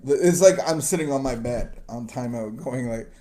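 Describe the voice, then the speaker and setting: A man's voice: mid-range voice, normal speed, crowd noise. A man hosting a recovery talk show, telling stories in a rambling, self-deprecating way with chuckles and restarts. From missionary kid raised partly in Southeast Asia. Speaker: recovery podcast host. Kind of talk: casual conversational storytelling.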